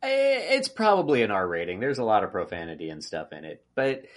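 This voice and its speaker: A man in casual podcast chat, his pitch swooping widely as he rants. He acts out exasperated outbursts and gets worked up easily. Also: very animated, brisk. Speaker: podcast co-host.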